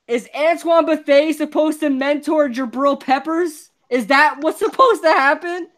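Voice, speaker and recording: A woman's voice: sits high, a little slow, fairly bright tone. A woman hosting a live sports podcast, ranting in exasperation and repeating herself. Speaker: podcast host.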